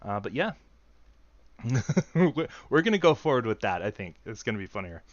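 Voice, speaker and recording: A man's voice: lowish voice, very animated, moderate pace, no room sound, muffled recording. A man streaming a game, talking in a jokey, rambling way and laughing often. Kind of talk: casual game commentary. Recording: game music behind.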